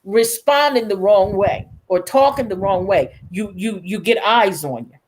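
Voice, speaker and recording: A woman taking part in a group video conversation, telling a story from her working life with animated, acted-out dialogue. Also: medium pitch, a little slow, low-quality recording. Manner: animated, acts out dialogue in different voices. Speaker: panel guest.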